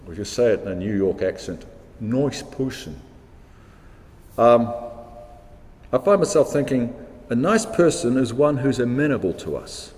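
A man's voice: medium pitch, very animated, normal speed, darkish tone, in a large hall. A man, preaching a sermon in a reflective, questioning way, repeating words for emphasis. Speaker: pastor.

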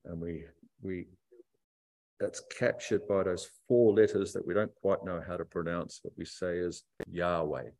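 A man preaching a sermon to a church congregation, reflective and emphatic, stretching key phrases out slowly. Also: low voice, fairly even intonation, darkish tone. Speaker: pastor.

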